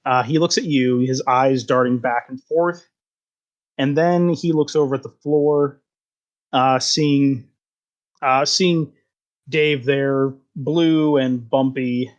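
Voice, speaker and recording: Relaxed man narrating as game master. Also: medium pitch, takes it slowly, muffled recording. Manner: loose, filler-heavy narration.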